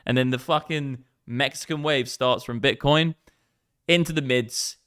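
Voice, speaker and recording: A young man hosts a crypto trading livestream, reading out viewer comments in casual, sweary chat. His medium-pitched voice is measured and fairly bright, clean and dry with clean studio sound. His banter is brash and profane, built around a running joke.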